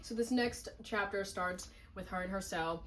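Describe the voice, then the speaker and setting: A woman's voice: mid-range voice, normal speed. A woman hosting a book channel, retelling a novel's plot in a chatty, wry way with lots of fillers. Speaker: booktube host. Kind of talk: casual book recap chat. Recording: distant mic with faint noise.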